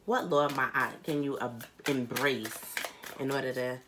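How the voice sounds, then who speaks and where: A woman giving a private tarot reading who speaks earnestly and bluntly, swearing casually, repeating phrases for emphasis and reading card text aloud slowly. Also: extremely low pitch, fairly even intonation, noisy background. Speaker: tarot reader.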